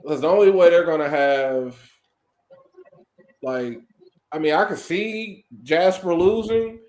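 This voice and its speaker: A man co-hosting a wrestling podcast in casual chat, animated and slangy, mocking people with exaggerated quoted voices. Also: on the high side, takes it slowly, echoey room. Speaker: podcast co-host.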